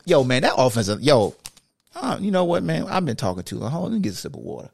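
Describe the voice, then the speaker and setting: Gravelly, exasperated man ranting. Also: sits high, very animated, fairly quick, dry recording, clean studio sound. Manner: exasperated, slangy, swings between shouting and muttering. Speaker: sports podcast host. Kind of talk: animated football recap rant.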